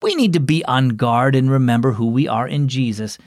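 A man voicing a gentle, patient Christian mother in a children's storybook reading, calmly explaining things to her kids. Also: mid-range voice, normal speed, dry recording, studio quality, close to an everyday voice.

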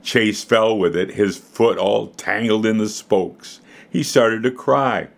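Male host for kids' radio, low voice, expressive scripted storytelling. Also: gravelly. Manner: warmly expressive storyteller, slows for emphasis. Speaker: host of a children's devotional program. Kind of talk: scripted narration for children.

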